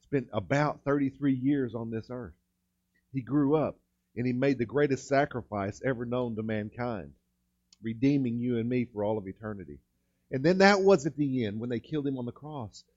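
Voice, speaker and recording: A man preaching a sermon as pastor, slowing and lifting his voice on key words, with frequent restarts. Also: mid-range voice, darkish tone, dull audio. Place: church sanctuary.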